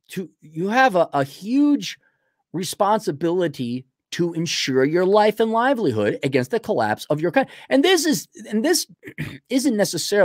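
A man's voice: fairly high pitch, dry recording, studio quality. A man giving a blunt, rambling, opinionated monologue in casual chat, acting out little dialogues with himself.

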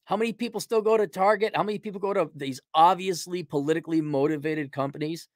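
A man's voice: a little high, fast talker, no room sound, studio quality. Sarcastic middle-aged man ranting. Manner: rambling and sarcastic, mocks with put-on voices. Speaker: livestream host. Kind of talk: casual opinionated commentary.

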